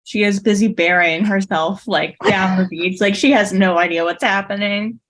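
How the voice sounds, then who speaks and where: A woman's voice: mid-range voice, fairly even intonation, normal speed. Chatty woman describing her character. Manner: chatty, full of "like" and "um". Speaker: player. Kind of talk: casual tabletop play.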